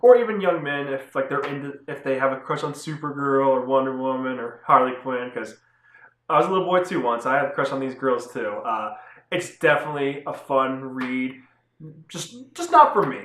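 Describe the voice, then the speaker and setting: A man's voice: medium pitch, lively intonation, normal speed, fairly bright tone. A young man casually reviewing comic books on his channel, talking loosely with lots of fillers and restarts. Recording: echoey room.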